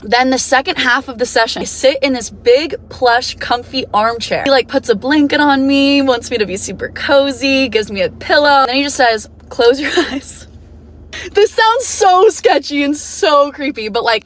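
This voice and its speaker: A woman's voice: on the high side, fairly bright tone. Chatty young woman telling a story. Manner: chatty, candid, swears casually. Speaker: vlogger. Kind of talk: casual storytelling to camera.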